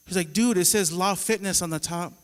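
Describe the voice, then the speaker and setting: A man's voice: high-pitched, brisk, clean tone, long reverb tail. A man finishing a stand-up set in front of a live audience, talking to the crowd in a confiding way. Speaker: stand-up comedian. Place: comedy show stage, live audience.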